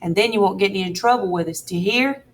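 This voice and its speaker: A woman's voice: medium pitch, fast, natural voice. A woman voicing a middle-aged male con man who drawls and bosses in a threatening way. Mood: bossy.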